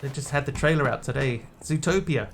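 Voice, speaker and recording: A man's voice: medium pitch, fairly quick, gravelly, noisy background. A man, chatting casually on a live stream, musing aloud and answering chat while he plays. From Australia.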